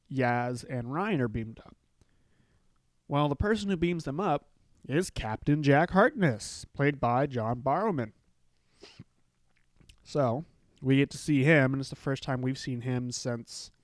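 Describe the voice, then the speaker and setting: In a casual solo recap, a podcast host chats about his show and loosely retells scenes, leaning on lots of filler words. His voice sits at a medium pitch, and there's no echo in the recording.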